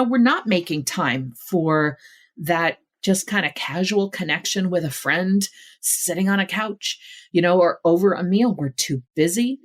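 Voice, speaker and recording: A middle-aged woman talks as a guest author on a podcast. Her voice sits somewhat low, and her delivery is earnest and emphatic, piling up points one after another in a conversational flow. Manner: earnest, emphatic, building lists. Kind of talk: podcast interview.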